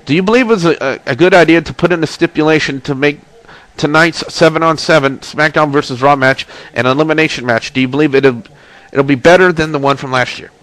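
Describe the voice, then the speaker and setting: With a stuffy nose, a man runs a laid-back wrestling and gaming webcast, chatting as he plugs links and goes through the chat. His voice is a little high and a bit bright, and he speaks fairly quickly; the webcam-mic audio is poor.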